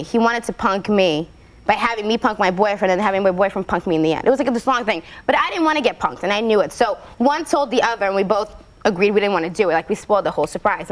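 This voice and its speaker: A woman in her twenties, a talk show guest, chatting in a bubbly, rambling way and laughing often. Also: mid-range voice. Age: 20s. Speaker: guest actress. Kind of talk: casual talk show chat.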